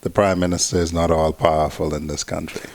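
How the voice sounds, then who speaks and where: A man, a talk show guest, speaking in a measured, lawyerly way. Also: deep voice, little pitch movement, vocal fry, no room sound. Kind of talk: political talk show discussion.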